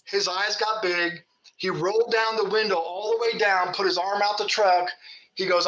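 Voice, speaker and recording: A man's voice: high-pitched, fairly even intonation, normal speed, sharp tone, roomy sound, poor audio. A man from Kentucky, a Bigfoot researcher, telling folksy stories with laughs in casual talk. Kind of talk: casual storytelling.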